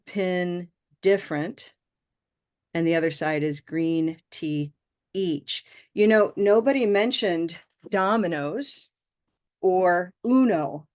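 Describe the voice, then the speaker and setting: A woman leads an online pronunciation class, speaking through a video call mic. She praises her students warmly and stretches out vowel sounds so they can copy them. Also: lowish voice. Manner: encouraging, models vowel sounds slowly. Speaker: pronunciation teacher.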